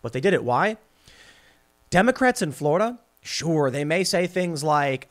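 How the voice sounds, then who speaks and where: Guy ranting on his podcast, kinda high voice, sarcastic, keeps repeating himself and restarting. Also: moderate pace. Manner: animated, sarcastic, mocks opponents in put-on voices; repeats words and restarts often. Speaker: podcast host. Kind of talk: political commentary monologue.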